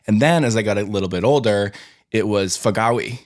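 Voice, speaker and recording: A young man, co-hosting a casual podcast and telling stories in a playful, animated way. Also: fairly low pitch, brisk, no room sound, studio quality. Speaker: co-host.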